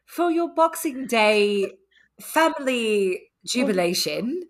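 A woman putting on a clumsy posh British ad voice. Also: big pitch swings. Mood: mock-posh. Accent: put-on British. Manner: slow, drawn-out, raised pitch.

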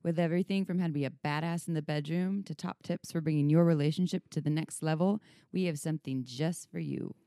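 A woman's voice: sits low, brisk, mellow, no room sound, clean studio sound. A woman co-hosting a podcast, chatting frankly and playfully and laughing often. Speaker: podcast co-host, sex educator. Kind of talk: casual podcast chat.

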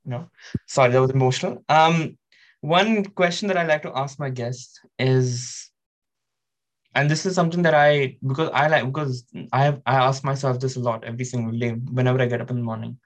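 A young man hosts a podcast in a casual chat. He speaks haltingly, stopping and restarting his sentences, at a middle pitch. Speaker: podcast host.

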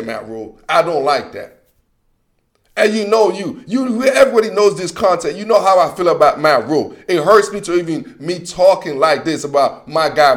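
A man with a fairly high voice runs a casual football opinion monologue. He is animated and slangy, circles back on his points, and talks straight at the coach he is criticizing. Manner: animated, slangy, repeats himself, addresses people directly. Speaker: sports commentary host.

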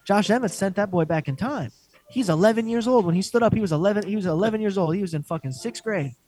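Here a podcast co-host talks quickly in a high-pitched voice, joking around and launching into excitable, heavily profane rants during casual chat.

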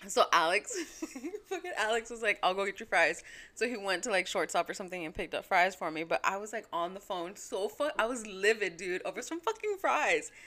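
A young woman chatting casually as a podcast co-host, telling profane stories with lively quoted voices. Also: mid-range voice, a little fast, few pauses. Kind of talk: casual chat.

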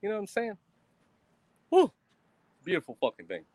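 Profane swaggering streamer, lively swinging voice. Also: male voice, high voice, moderate pace, no room sound. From Texas. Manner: profane, boastful, swaggering talk. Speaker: livestreamer. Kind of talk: casual rambling livestream rant. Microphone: streaming mic.

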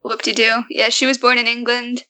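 A woman guest on a casual podcast chat, relaxed and laughing easily, giving short answers. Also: fairly high pitch, normal speed, dry recording, low-quality recording.

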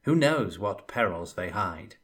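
Wary, diplomatic young hero, read by a man; husky and slow. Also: deep voice, lively intonation, a bit bright, full character voice.

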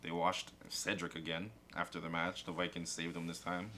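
Deep-voiced man telling a story. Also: normal speed, slight background noise. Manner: animated storytelling, acts out quotes, swears casually. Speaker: podcast co-host. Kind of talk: casual chat recapping wrestling.

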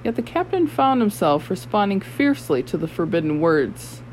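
An audiobook narrator reading a novel aloud in a measured, steady way. The voice sits at a middle pitch throughout. The delivery is scripted narration. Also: a little hiss or hum, rough recording.

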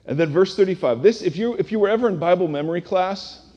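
A man with a high yet mellow, warm voice preaches in a relaxed, conversational way. He teaches casually and keeps putting rhetorical questions to the congregation. His voice carries a long reverb from a large church hall. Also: fast, muffled recording. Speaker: pastor. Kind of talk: conversational sermon.

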